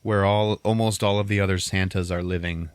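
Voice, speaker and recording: Male podcast host, lowish voice, rambly comedic recap, laughs a lot, dry close mic. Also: steady tone, fairly quick, clean tone, no room sound. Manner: rambling, laughs often, swears casually. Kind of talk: casual comedic movie recap.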